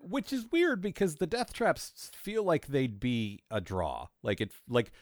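A man's voice: fairly high pitch, expressive, measured pace, no echo, studio quality. A man co-hosting a podcast in casual chat, rambling and wry, full of fillers and restarts. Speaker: podcast co-host.

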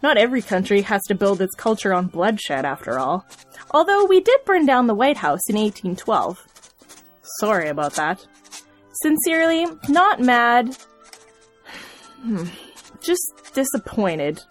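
A woman's voice: fairly high pitch, sing-song, moderate pace, faint music behind. A woman reading a comic listener letter in a prim, passive-aggressive manner.

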